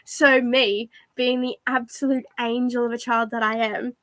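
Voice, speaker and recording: A young woman telling stories in casual chat, animated and swearing, mimicking other voices. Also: fairly high pitch, normal speed, no room sound. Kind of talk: casual storytelling.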